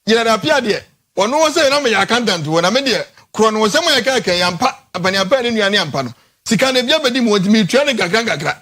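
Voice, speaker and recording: A Ghanaian man hosting a morning talk show, debating animatedly and repeating words as his pitch jumps. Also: lively intonation, fast talker, pushed and bright. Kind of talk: animated studio debate in Twi and English.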